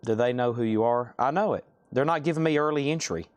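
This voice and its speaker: A man's voice: mid-range voice, quick pace, no room sound. Chatty man hosting a record sale. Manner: chatty, rambling asides between sales. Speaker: host of a live record sale. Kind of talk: casual live-stream selling.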